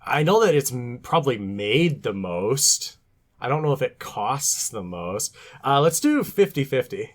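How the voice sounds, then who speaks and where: A man co-hosting a podcast, chatting casually over a trivia game, animated and quick to laugh. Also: medium pitch. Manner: animated, laughs easily, many fillers. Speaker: podcast co-host.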